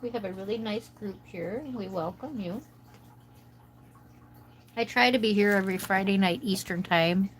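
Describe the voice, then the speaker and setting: A woman's voice: mid-range voice, normal speed, pauses often, a little hiss or hum, rough recording. Chatty American woman rambling on a livestream. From United States. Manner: rambling, chatty, talks to viewers' comments. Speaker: livestream host. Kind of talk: casual chat while coloring.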